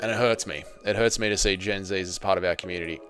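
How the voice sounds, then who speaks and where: A man's voice: low-pitched, quick pace, a bit bright. An Australian man in his thirties hosting a casual livestream watch-along, bantering with chat in a profane, joking way. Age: 30s. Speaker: livestream host. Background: faint background music.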